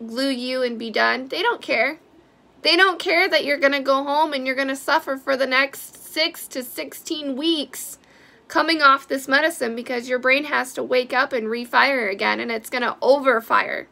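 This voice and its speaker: A woman's voice: high voice, steady tone, normal speed, vocal fry, pushed and bright. A woman giving a blunt, heated personal vlog update who swears freely. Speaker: vlogger sharing a personal health update.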